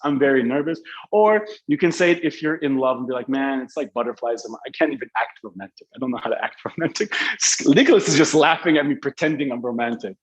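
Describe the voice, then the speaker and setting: Male English teacher, fairly high voice, slangy and jokey, dull lo-fi stream audio. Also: expressive, fast talker. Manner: casual, joking, slangy. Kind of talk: live online class. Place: Dubai.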